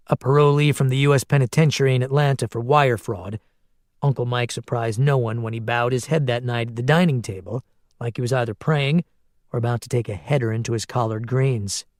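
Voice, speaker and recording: A man narrates an audiobook from a script, using a steady, measured storytelling voice at medium pitch. The recording is dry and studio quality.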